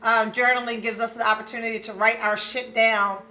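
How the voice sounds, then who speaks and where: A woman's voice: on the high side, flat delivery, fairly quick, bright, forceful tone, poor audio. An older woman hosting a live self-care stream, greeting viewers by name with effusive energy. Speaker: livestream host.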